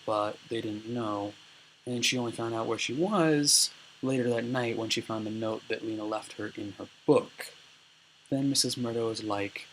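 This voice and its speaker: A man's voice: lowish voice, fairly bright tone, a little hiss or hum, poor audio. A man casually summarizing a book chapter in informal, filler-heavy speech. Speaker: narrator retelling a book chapter.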